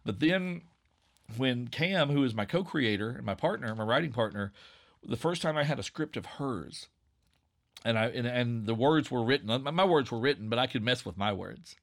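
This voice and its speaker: Gravelly Appalachian man, relaxed and rambling. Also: mid-range voice, moderate pace. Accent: Southwest Virginia Appalachian. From Southwest Virginia, USA. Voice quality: slightly nasal. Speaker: podcast creator and narrator. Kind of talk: casual conversation.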